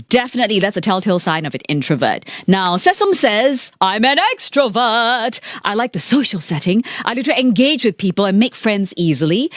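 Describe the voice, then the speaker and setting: A woman's voice: on the low side, no room sound. A woman with a Singaporean accent hosting a live radio show from a studio mic, chatting playfully and reading out listener messages. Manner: animated, playful, reads listener messages aloud. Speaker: radio host. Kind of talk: lively live radio chat.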